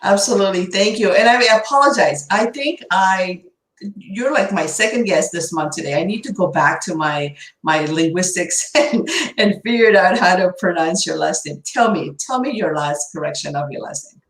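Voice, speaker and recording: A woman's voice: on the low side, normal speed, roomy sound, rough recording. A woman hosting a radio show and podcast, effusive and upbeat, with many fillers and restarts.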